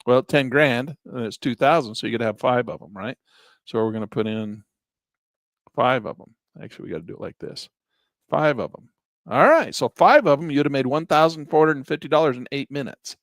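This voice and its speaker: Middle-aged guy walking thru trading charts, chatty, gets all excited sometimes, dry mic sound, voice pitched right in the middle. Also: brisk, no room sound. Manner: chatty, bursts into excited exclamations. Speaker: day trading instructor. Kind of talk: screen-share trading lesson.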